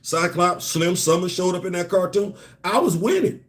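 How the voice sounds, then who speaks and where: An animated man with a high-pitched voice riffs on comics at normal speed as host of a comics and culture live show. His casual solo commentary is conversational, full of rhetorical questions, and he repeats words while building a point.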